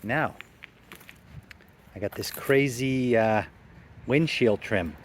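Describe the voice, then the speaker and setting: A man talks his way through car work in a home garage, loose and rambling, full of "uh" and "I mean." He has a dry, sarcastic edge, and his voice sits at an ordinary middle pitch. Faint workshop noise hums behind him on a camera mic. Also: slow. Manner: easygoing, rambling, many fillers, dry sarcasm. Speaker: classic car restorer. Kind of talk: casual workshop vlog narration.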